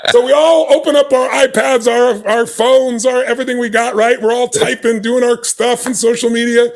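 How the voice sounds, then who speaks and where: A man as a podcast guest, telling a story in conversation with emphatic, animated delivery, acting out the dialogue he quotes. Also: extremely high pitch, normal speed.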